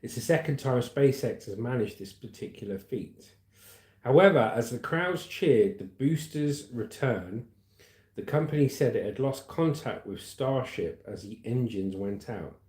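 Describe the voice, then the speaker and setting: A man's voice: mid-range voice, expressive, unhurried, darkish tone. A man in his forties hosting a casual livestream, reading out viewer comments and news with frequent laughs. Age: 40s. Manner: chatty, laughs often, reads comments aloud. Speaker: livestream host. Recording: echoey room.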